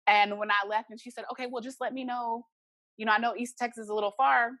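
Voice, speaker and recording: A woman's voice: a little high, fairly even intonation, fast talker, fairly bright tone, no room sound. A young adult woman, a podcast guest, earnestly telling a personal story and acting out the remembered dialogue.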